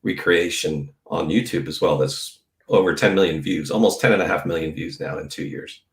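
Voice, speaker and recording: A man's voice: deep voice, normal speed, reverberant. A man, a guest airline captain, explaining things in a matter-of-fact way in a podcast interview. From Australia.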